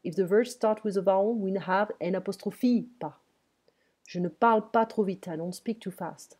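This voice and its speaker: A woman teaching to English speakers, repeating phrases slowly and patiently. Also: mid-range voice, darkish tone. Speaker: French teacher. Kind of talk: live online language lesson.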